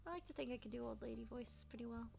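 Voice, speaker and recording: A woman's voice: on the high side, rapid-fire, vocal fry, darkish tone, faint music behind. A woman streaming a video game, chatting casually and playfully repeating herself as she plays. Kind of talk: casual gameplay commentary.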